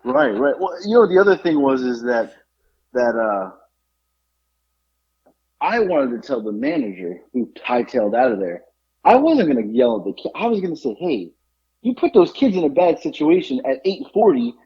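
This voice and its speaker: A man hosting a podcast, telling a story in an animated, exasperated way over dull lo-fi audio. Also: medium pitch, moderate pace, slightly rough. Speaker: podcast host. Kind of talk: casual chat, storytelling.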